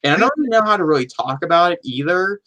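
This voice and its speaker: A man's voice: sits high, lively intonation, fast talker, bright, forceful tone, muffled recording. A man co-hosting a movie podcast, chiming in with side notes and theories in casual chat. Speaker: podcast co-host. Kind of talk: casual film review chat.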